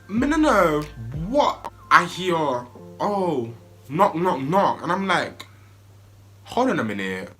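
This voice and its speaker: A young man, telling a wild story in an excitable, animated way that jumps into high yelps. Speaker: vlogger. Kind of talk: storytime vlog.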